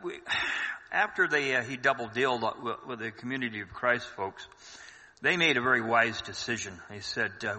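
A man with a very bright, edged tone and an average pitch explains events in detail, dropping the odd filler as he goes. His voice echoes with a long hall reverb. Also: moderate pace, breathy edge. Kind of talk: casual conversation.

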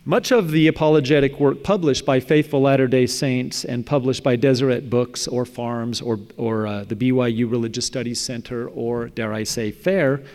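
A man's voice: medium pitch, a little mellow. Man reading a paper in an echoey hall. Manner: measured, academic, with occasional slips and restarts. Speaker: speaker presenting a paper on religious apologetics. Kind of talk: reading a prepared talk aloud. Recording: echoey hall with long reverb.

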